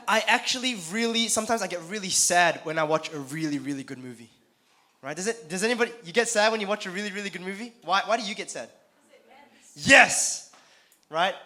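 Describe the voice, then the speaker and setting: A man's voice: high-pitched, pushed and bright. A man in his thirties preaching casually to a youth conference, talking to the crowd with questions and repeated phrases. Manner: conversational, asks the audience questions, repeats phrases. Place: conference hall.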